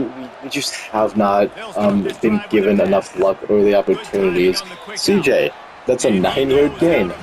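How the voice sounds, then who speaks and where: A man's voice: mid-range voice, low-quality recording. A man giving live commentary over his own football video game, exasperated, self-mocking and pleading with the players. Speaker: gaming commentator.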